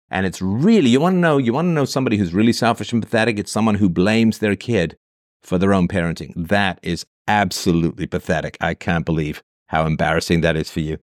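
A man's voice: lowish voice, fairly quick, no room sound, clean studio sound. A man hosting an advice show, answering a listener's letter in a blunt, sarcastic, profane monologue.

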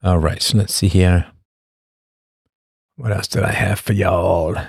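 A man's voice: low-pitched, fairly even intonation, unhurried, gravelly, husky, no echo, studio quality. A man hosting a casual livestream, talking in a rambling, sardonic way with frequent restarts. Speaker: livestream host.

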